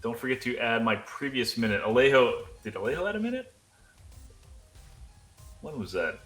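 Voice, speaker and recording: Excitable man co-hosting a livestream. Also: mid-range voice, normal speed. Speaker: co-host reading viewer chat. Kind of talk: casual livestream chat. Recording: roomy sound, faint music behind.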